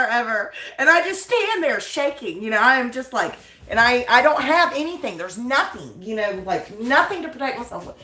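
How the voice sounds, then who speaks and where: A woman with a bright, sharp voice chats to her livestream viewers in a loose, animated way. She laughs often and keeps dropping "like" and "you know." Her voice bounces around an echoey room at home. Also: on the high side, moderate pace. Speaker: livestream host of a yarn channel. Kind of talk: casual storytelling to viewers.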